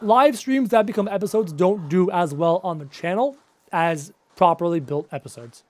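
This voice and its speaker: A high-voiced live streamer in his late 20s chats casually while playing a game, speaking at a moderate pace on a dry recording. He reads and answers chat questions aloud and cracks self-mocking jokes, though his voice is wearing out as he loses it.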